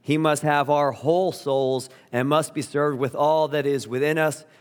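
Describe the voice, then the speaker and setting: A man preaching a sermon as a pastor, earnest and emphatic, slowing down to stress key words. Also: a little high, fairly even intonation, clear, resonant tone. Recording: long reverb of a large hall.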